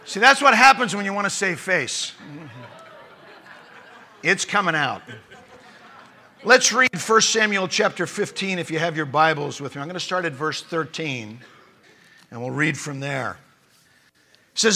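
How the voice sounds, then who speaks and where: Bright-voiced male preacher, emphatic. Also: a little high, animated, measured pace, long pauses. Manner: emphatic preaching with rising, forceful lines. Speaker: pastor. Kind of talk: sermon.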